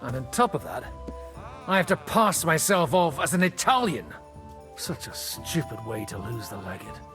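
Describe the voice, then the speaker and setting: An actor playing a blunt, boozy priest in disguise as a cardinal, grumbling and coarse in a husky voice. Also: male voice, medium pitch, big pitch swings, normal speed, a bit bright, faint music behind. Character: boozy irreverent male priest posing as a cardinal. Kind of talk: video game dialogue.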